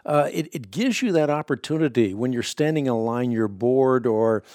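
A man's voice: medium pitch, expressive, moderate pace, darkish tone, dry recording, clean studio sound. A man hosting a radio interview, speaking in an earnest and emphatic way. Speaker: radio show host. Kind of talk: radio interview and promo reading.

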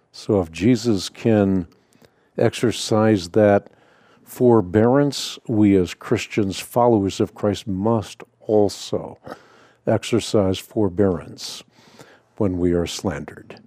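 A man hosting a radio call-in show, speaking in a measured, deliberate way with frequent filler sounds. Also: deep voice, warm tone, no echo, studio quality.

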